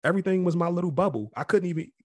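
A man's voice: high voice, rapid-fire, no echo, clean studio sound. A man who grew up near Washington, D.C., speaking as an interview guest and telling his story in a candid, reflective way. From Capitol Heights area near Washington, D.C. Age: adult past college age. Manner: reflective and candid, often acts out other people's voices.

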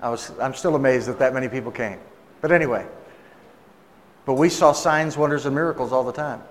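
A man's voice: mid-range voice, a little fast. Man preaching in a reverberant hall. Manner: conversational, acts out quoted voices. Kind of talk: sermon storytelling.

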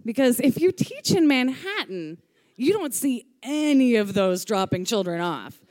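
A woman's voice: a little high, very animated, a little slow, a little mellow. A woman telling a comic personal story, chatty, swearing freely and acting out the voices she quotes.

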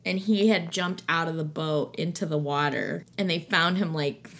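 A woman co-hosting a podcast in casual chat, expressive and laughing often. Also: low-pitched, normal speed. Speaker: podcast co-host.

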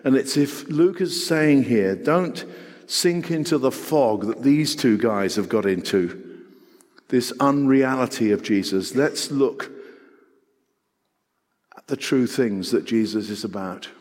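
A middle-aged man preaching a sermon, earnest and full of rhetorical questions, swinging between loud and hushed. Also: mid-range voice, unhurried. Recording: long hall reverb.

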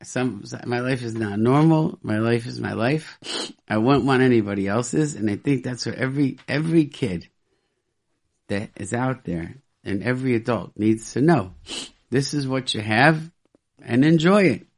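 A man's voice: mid-range voice, animated, normal speed. Earnest man talking on the radio. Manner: earnest, repeats words and phrases, restarts often. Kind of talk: casual radio talk, teaching.

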